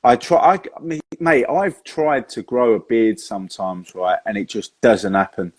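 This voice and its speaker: Host bloke, low voice, dead dry sound, calls everyone mate. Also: male voice, moderate pace, a little mellow, slightly rough, dry recording. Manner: matey, informal, says mate a lot. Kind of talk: casual chat.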